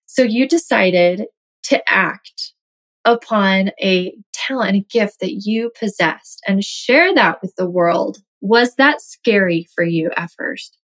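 A woman's voice: mid-range voice, expressive, slow pace, fairly bright tone, low-quality recording. A woman hosting an interview, encouraging her guest and summing up what she has said. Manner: encouraging, sums up the guest's words. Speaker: podcast host. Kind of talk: casual interview.

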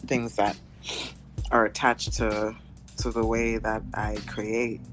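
A guest musician in a casual interview, speaking haltingly with many fillers and restarts over a remote call. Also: medium pitch, little pitch movement, a bit bright, soft background music.

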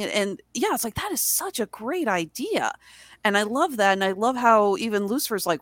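A woman's voice: medium pitch, animated, normal speed, no echo. A woman co-hosting a casual TV review chat, enthusiastic and rambling. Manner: enthusiastic, rambling, acts out quoted lines. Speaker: podcast co-host reviewing a TV series.

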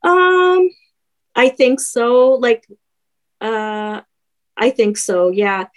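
A woman's voice: on the high side, big pitch swings, very slow, low-quality recording. A young woman telling her own story as a podcast guest, hesitant, with many fillers and restarts. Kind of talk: personal story in a podcast conversation.

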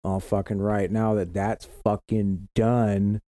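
A man's voice: lowish voice, level tone, takes it slowly, dark tone, no echo, clean studio sound. A man from Florida co-hosting a casual podcast, rambling and swearing constantly. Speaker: podcast co-host. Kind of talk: casual profane chat. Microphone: home podcast mic setup.

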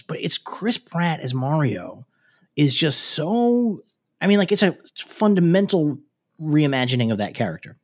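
Sardonic man with a lively voice. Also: a little high, moderate pace. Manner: sardonic, trails off into fillers and restarts. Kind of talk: casual chat.

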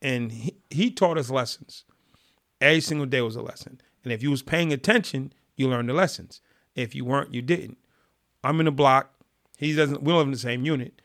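In a casual interview, a male guest who was formerly a prisoner tells vivid stories and acts out the quotes. His medium-pitched voice runs a little fast and has a fairly bright tone.

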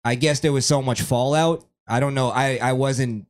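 A man's voice: medium pitch, steady tone, normal speed. A man co-hosting a podcast in casual chat, rambling loosely and laughing often. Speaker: podcast co-host.

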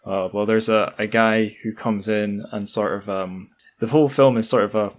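A man's voice: lowish voice, fairly even intonation, normal speed. A man interviewing guests in a casual discussion, thoughtful and somewhat hesitant.

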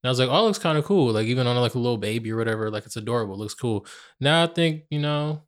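A young man co-hosting a podcast in casual chat, relaxed and reflective, with plenty of "like". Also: mid-range voice, very fast, clear, resonant tone. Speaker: podcast co-host.

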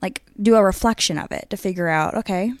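A woman's voice: medium pitch, fast talker, no echo, clean studio sound. A young woman co-hosting a casual podcast, chatty and upbeat, often breaking into laughter. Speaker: podcast co-host. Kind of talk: casual chat.

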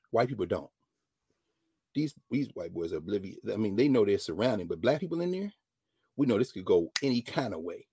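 A man, a professor telling a story in an animated lecture and acting out the dialogue. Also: husky, no room sound, clean studio sound. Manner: dramatic, acts out dialogue, swings from low mutters to loud exclamations. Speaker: professor hosting a class-style show.

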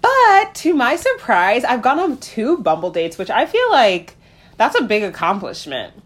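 A woman co-hosting a podcast in casual chat, telling stories animatedly and acting out quotes in a high voice. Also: huge pitch swings, unhurried. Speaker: podcast co-host.

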